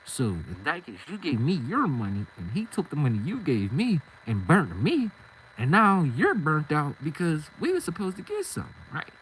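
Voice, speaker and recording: A man's voice: on the high side, moderate pace, slight background noise, poor audio. A young man telling a casual storytime monologue in slangy street talk, acting out every side of the conversation. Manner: animated, slangy, acts out both sides of conversations.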